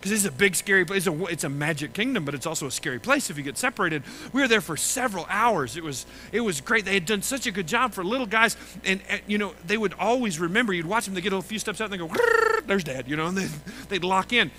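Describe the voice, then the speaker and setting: A man with a Texan accent telling a lively story to children at a camp gathering, acting out the voices of the people in it. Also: sits high, fast, hardly any pauses, a little hiss or hum, rough recording. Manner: animated, acts out voices in his story. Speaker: camp speaker.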